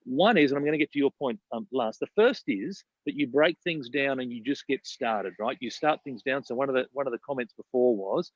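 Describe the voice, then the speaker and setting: A man's voice: medium pitch, brisk, few pauses, no room sound, muffled recording. Emphatic man coaching. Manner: emphatic, repeats words and says "right?". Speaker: business coach. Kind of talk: casual podcast chat.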